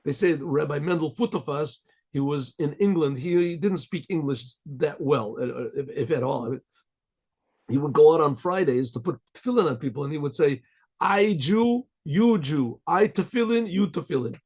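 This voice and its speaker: Male rabbi storyteller, somewhat high, husky voice, loose and chatty delivery. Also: moderate pace, darkish tone. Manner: rambling, chatty, with chuckles.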